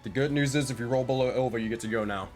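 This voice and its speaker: A man with a mid-range voice talks at a racing pace while running an online tabletop game as game master. He narrates scenes and laughs often between rolls, with faint music in the background.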